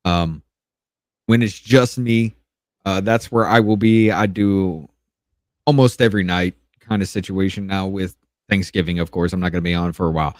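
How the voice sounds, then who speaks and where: Low-voiced man telling a work story. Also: fairly even intonation, normal speed, no room sound, studio quality. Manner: storytelling, trailing restarts, swearing. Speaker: podcast co-host. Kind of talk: casual podcast chat.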